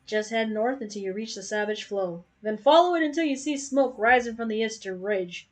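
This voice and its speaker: A woman voicing an easygoing male merchant in a game, with a put-on American Southern accent and a deep drawl. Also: normal speed, soft background music, lightly acted, poor audio.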